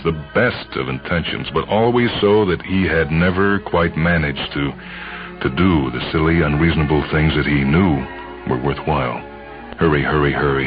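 A man narrating a story in a measured, brooding way. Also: a bass voice. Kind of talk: dramatic audiobook narration. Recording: muffled lo-fi recording, faint music.

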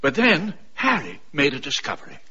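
A man's voice: fairly high pitch, huge pitch swings, normal speed, sharp tone, breathy edge, dull audio, heavily acted. A man narrating his own misfortunes with grand, theatrical sorrow, as a scripted comic narrator. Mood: mournful.

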